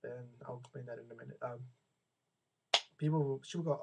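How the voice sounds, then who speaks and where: A man's voice: medium pitch, steady tone, a little fast, creaky, long pauses, dark tone, slight background noise, low-quality recording. A young American man venting in a casual, rambling monologue. He often repeats and restarts his words and acts out the people he quotes. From United States. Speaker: vlogger.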